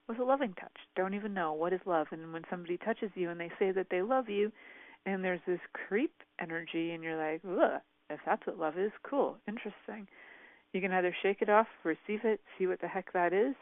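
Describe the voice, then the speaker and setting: A woman hosting a self-help radio show, talking in a playful, irreverent, animated way. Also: fairly low pitch, a little fast, no echo. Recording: dry, phone-like radio audio.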